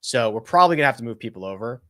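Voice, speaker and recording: A man hosting a casual live-stream chat, thinking out loud and correcting himself as he answers viewer questions. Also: mid-range voice, dry recording, clean studio sound. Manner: animated and chatty, thinks out loud with quick self-corrections. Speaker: host of a golf betting and fantasy live chat.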